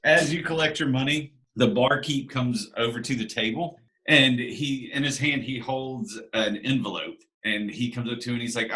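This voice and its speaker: A man's voice: medium pitch, normal speed, hardly any pauses, sharp tone. A man narrating a tabletop game as game master, casual and loose with fillers. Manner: casual, filler-heavy storytelling.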